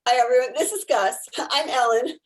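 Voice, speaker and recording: A woman's voice: high voice, moderate pace, low-quality recording. A woman volunteer chatting animatedly on a video call, telling stories about her therapy dogs and laughing often. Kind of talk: casual storytelling on a video call.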